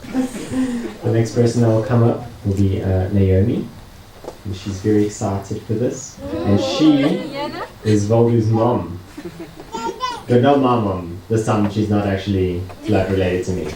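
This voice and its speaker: A man's voice: fairly low pitch, animated, unhurried, long pauses, reverberant, recorded from a distance, a crowd in the background, rough recording. A young man, the bride's brother, introducing the speakers at a wedding with hesitant, joking asides. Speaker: master of ceremonies, bride's brother. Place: wedding reception hall.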